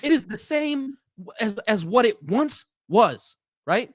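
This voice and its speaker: A man's voice: sits high, sing-song, slow pace, dry recording, clean studio sound. A man hosting a livestream, giving a heated, profane rant about the latest show. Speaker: channel host. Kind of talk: livestream wrestling talk.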